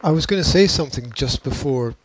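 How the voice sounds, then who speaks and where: A man's voice: a little high, animated, brisk, husky, no room sound. A man co-hosting a podcast in casual chat, rambling and teasing, with many restarts and laughs. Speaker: podcast co-host.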